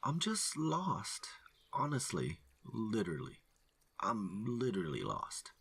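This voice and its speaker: A man's voice: fairly low pitch, wildly swooping pitch, slow pace, fairly bright tone, slightly rough, voice pushed up, full character voice. A man voicing an anxious, lost male hiker who stutters and pleads nervously. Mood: frightened pleading.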